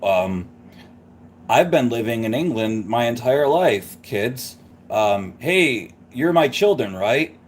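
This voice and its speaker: A man putting on the voice of a movie father, lower than his own, halting with ums. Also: lively intonation, a little hiss or hum. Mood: hesitant. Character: low halting movie dad, slow and hesitant.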